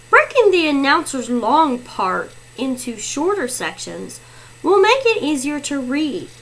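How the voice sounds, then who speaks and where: A woman teacher explaining how to read a part aloud, with instructive, deliberate guidance. Her voice is high with a lively, wide-ranging pitch, and she speaks slowly. She is giving a lesson on reading fluency. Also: low-quality recording.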